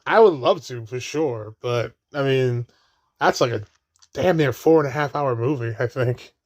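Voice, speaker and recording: A man giving casual watch-along commentary on a movie. He laughs often, swears freely and does mocking high voices for the characters. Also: unhurried.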